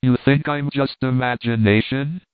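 An unseen invisible man gives clipped, insistent orders, his impatience only just under control, as a man puts him on. The mid-pitched voice sits in a dry, tinny, phone-like sound. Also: fairly even intonation, normal speed, clean tone, no echo, close to an everyday voice. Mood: commanding.

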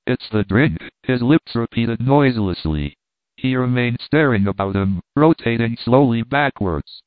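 A man reading a classic novel aloud in measured, plain narration. The sound is thin and tinny. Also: mid-range voice, lively intonation, no room sound. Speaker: audiobook reader. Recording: tinny, dry phone-like sound.

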